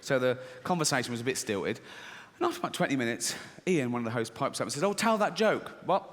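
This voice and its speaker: A middle-aged stand-up comedian tells anecdotes in a medium-pitched, expressive, fairly bright voice at a fast clip. He acts out other people's voices in his stories and often breaks into laughter at his own punchlines.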